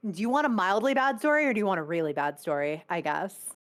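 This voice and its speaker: A young adult woman, a guest on a video call interview, telling stories in a blunt, animated way and swearing freely. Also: mid-range voice, fast talker. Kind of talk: casual storytelling.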